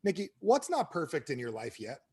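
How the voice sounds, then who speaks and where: A man giving a motivational business talk on a training call, asking the audience questions and swinging between booming and hushed delivery. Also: a little fast, slightly rough. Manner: animated, asks the audience questions. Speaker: speaker at an online training call.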